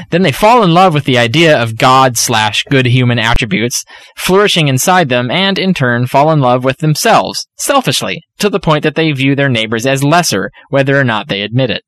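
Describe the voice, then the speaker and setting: Man reading a submission, measured. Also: medium pitch, a bit bright, dry recording. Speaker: podcast co-host reading submissions.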